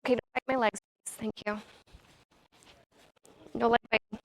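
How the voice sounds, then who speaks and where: A woman's voice: on the high side, fairly even intonation, moderate pace, low-quality recording. A woman streamer chatting casually, swearing now and then and talking to her puppy. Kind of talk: casual live-stream chat.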